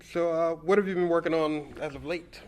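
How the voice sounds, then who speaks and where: A man's voice: a little high, steady tone, fairly quick, rough recording. A man interviewing a voice actor at a convention, laughing often and chatting like an eager fan. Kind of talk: casual interview chat. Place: busy convention floor.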